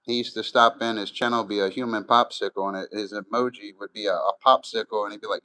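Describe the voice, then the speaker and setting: Middle-aged male streamer, low voice, casual and profane, rambles as he answers chat. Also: steady tone, quick pace, hardly any pauses, pushed and bright, rough recording. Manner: loose, profane, rambling and chatty. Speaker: live streamer.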